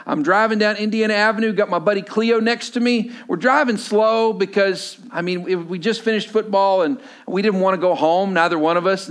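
Male pastor in his 40s, higher-pitched voice, animated storytelling sermon. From Texas. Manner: storytelling, acts out voices, drops low and quiet for emphasis.

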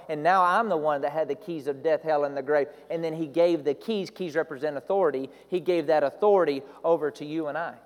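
A man's voice: on the high side, big-room sound. A man preaching a sermon, building to emphatic repeated declarations.

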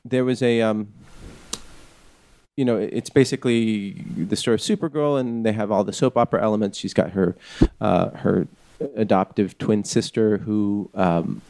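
A man hosts a podcast in easy, casual chat, his voice low and warm. He rambles and hesitates, filling gaps with ums and uhs. The sound is dry and close, with no room around him. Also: fairly even intonation, normal speed, creaky, no room sound. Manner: rambling, hesitant with many fillers. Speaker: podcast host.

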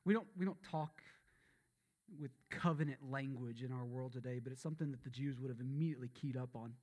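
Male pastor with a Southern accent, mid-pitched, preaching with intensity that swells and falls. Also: a little fast, darkish tone. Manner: impassioned, building to emphatic peaks then dropping low and solemn. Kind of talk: sermon.

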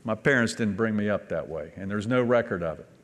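A former governor giving an earnest, emphatic speech, telling a story to an audience. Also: male voice, on the low side, brisk, slight background noise. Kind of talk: public speech. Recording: long reverb of a large hall.

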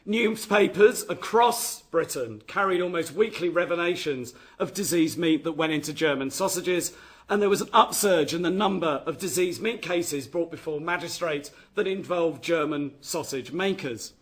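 A man whose voice is on the high side speaks at normal speed. He reads a history lecture from notes, with frequent restarts of his phrases.

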